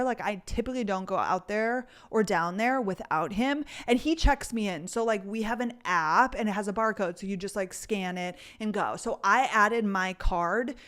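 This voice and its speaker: Woman, twenties, podcast host, casual storytelling, filler-heavy chat. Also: mid-range voice. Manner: chatty storytelling, heavy use of "like".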